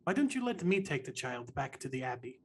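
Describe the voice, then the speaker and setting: A man playing a tabletop game, speaking in character in a calm, measured way. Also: medium pitch, a little hiss or hum. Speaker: player.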